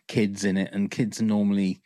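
A man's voice: fairly low pitch, flat delivery, brisk, dark tone, no echo, studio quality. A man co-hosting a film podcast, rambling and enthusiastic as he chats, swearing casually. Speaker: podcast co-host. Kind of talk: casual chat.

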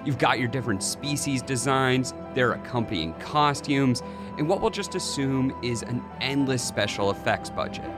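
A man hosting a podcast, reading a lively scripted intro and then joking casually with his guest. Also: mid-range voice, moderate pace, music in the background. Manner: lively, jokey, self-mocking. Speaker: podcast host.

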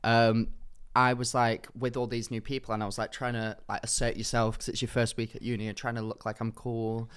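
A man's voice: medium pitch, little pitch movement, a little fast, hardly any pauses, a bit bright, smooth. A man co-hosting a podcast, chatting in a camp, playful, jokey way. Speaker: podcast co-host. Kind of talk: casual chat.

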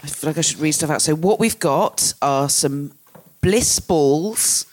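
A host tastes food and banters at an ordinary middle pitch. The host is playful and swears freely, with laughter breaking in often. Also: a little slow. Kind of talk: casual chat.

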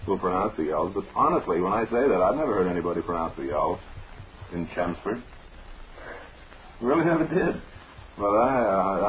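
A very low-voiced man hosts a 1940s radio show, reading listener mail in a dry, mock-earnest deadpan. The broadcast sounds dull and dated, with a faint hiss underneath. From Lowell, Massachusetts. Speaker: radio host.

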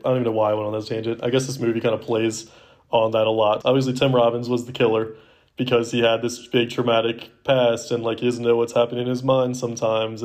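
A man's voice: mid-range voice, a little mellow. Rambling young man who says "like" a lot. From Baltimore area, US. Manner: rambling, heavy use of "like". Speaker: podcast co-host. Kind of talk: casual chat.

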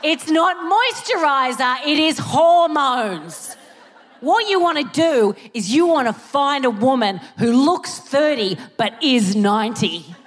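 An Australian woman performs a stand-up set on a theatre stage. Her voice sits fairly high, and she tells her stories animatedly, breaking into shouted punchlines. The room carries a long reverb from the hall. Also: lively intonation, slow pace. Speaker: stand-up comedian. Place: theatre stage before a live audience.

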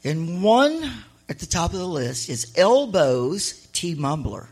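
Husky, gravelly woman telling stories on stage. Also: lowish voice, takes it slowly. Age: middle-aged. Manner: chatty, animated, laughing asides. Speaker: author and honorary mayor addressing an audience. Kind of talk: live storytelling on stage. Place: live event on a stage.

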